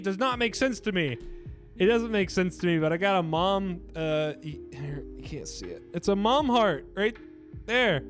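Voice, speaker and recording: A man's voice: high voice, big pitch swings, moderate pace, a bit bright, faint music behind. Rambling, swearing man chatting to viewers. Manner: profane, rambling, hesitant with filler words. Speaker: YouTuber taking an online quiz. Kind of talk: casual chat to viewers, reading quiz items aloud.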